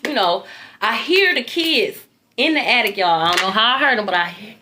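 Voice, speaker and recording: Woman, casual storytelling, animated, talks to viewers, swears, bright tense voice. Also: fairly high pitch, a little fast, a little hiss or hum. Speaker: tarot reader recounting a dream.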